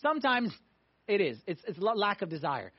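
A man preaching a sermon to a congregation, emphatic, swinging between loud pushes and hushed moments. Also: high-pitched, big pitch swings, normal speed, husky. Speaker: pastor. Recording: dull lo-fi sound.

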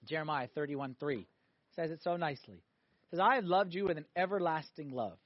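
High-voiced animated male preacher. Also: fairly quick, no room sound, muffled recording. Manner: animated preaching, swinging between loud emphatic peaks and quiet asides. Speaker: priest. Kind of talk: sermon.

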